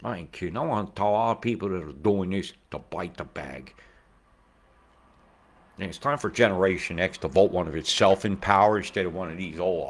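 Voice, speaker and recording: A rambling, swearing man with a low voice. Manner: swears freely, swings from mumbling to loud outbursts. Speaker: weather video host. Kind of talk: rambling conspiracy weather commentary.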